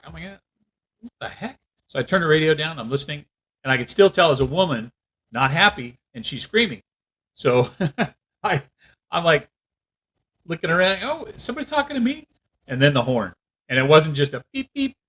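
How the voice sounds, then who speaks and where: A man telling a story in a casual rant, animated and acting out what other people said. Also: fairly high pitch, normal speed, pauses often, poor audio. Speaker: vlogger.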